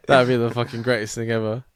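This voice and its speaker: A man's voice: medium pitch, a bit bright, slight background noise. A man co-hosting a podcast in casual, rambling, sweary chat. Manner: rambling, sweary, laughs a lot. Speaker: podcast co-host.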